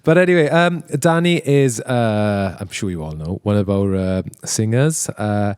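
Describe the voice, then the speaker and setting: Lively, chatty male podcast host. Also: on the low side, unhurried, clear, resonant tone, dry recording, clean studio sound. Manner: chatty, jokey, laughs often, many restarts. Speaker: podcast host and band member. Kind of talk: casual podcast chat. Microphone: handheld microphone.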